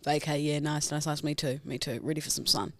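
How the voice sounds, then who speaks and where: A woman's voice: low-pitched, fairly even intonation, a little fast, no room sound. A young woman from New Zealand co-hosting a podcast, chatting and giggling through casual banter. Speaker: podcast co-host.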